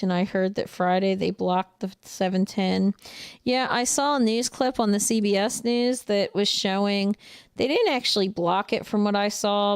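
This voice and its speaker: Blunt gravelly woman trucker with a Jersey accent. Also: mid-range voice, no echo, studio quality. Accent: New Jersey. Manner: blunt, outspoken, laughs often. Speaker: truck driver and trainer. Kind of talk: casual livestream chat reading viewer comments.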